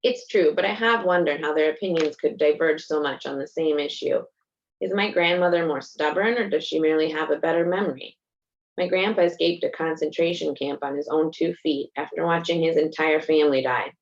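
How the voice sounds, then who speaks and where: A woman's voice: sits low, a little fast, dull audio. A woman author reading a first-person passage from her own novel in a reflective narrating manner.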